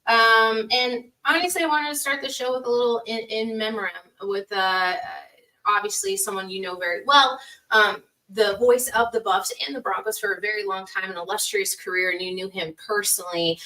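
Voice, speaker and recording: A woman with a bright, crisp tone reads a sponsor spot and sets up the next segment for her co-host in a brisk manner. She sits a little back from the mic. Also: mid-range voice, distant mic, poor audio. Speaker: sports show co-host. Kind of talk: reading ad and introducing segment.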